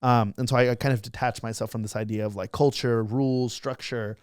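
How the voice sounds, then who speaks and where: A young man races through his story as a guest, slipping into the voices of the people he quotes. His voice is smooth and clear. The sound is dry and close. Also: medium pitch, no echo. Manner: fast, animated storytelling, acts out quotes. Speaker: guest, social media creator. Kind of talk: casual storytelling interview.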